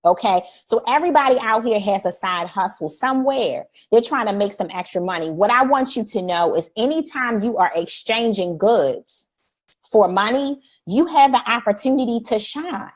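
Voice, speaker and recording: A middle-aged woman hosting a live stream, talking in an energetic, preachy way, repeating "y'all" and acting out polite phrases. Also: fairly high pitch, moderate pace. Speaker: host. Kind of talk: energetic livestream talk.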